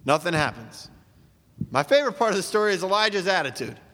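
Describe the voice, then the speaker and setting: A man preaches with a high, bright voice, pressing his point through one rhetorical question after another. His delivery is emphatic and driving. The sound carries the long reverb of a large hall. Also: very animated, quick pace. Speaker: pastor. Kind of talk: sermon.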